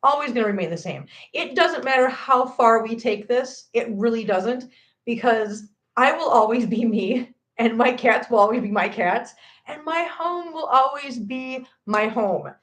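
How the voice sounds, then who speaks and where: A woman's voice: on the high side, unhurried, a bit bright. A woman in her forties chatting casually on a home livestream, reading out viewers' comments, rambling and laughing often, on a laptop microphone. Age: 40s. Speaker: livestream host reading chat.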